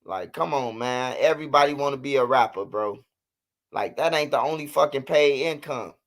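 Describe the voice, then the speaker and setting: A man's voice: mid-range voice, normal speed, fairly bright tone. A man in his thirties hosting a livestream, talking loosely and profanely in casual chat. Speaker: livestream host.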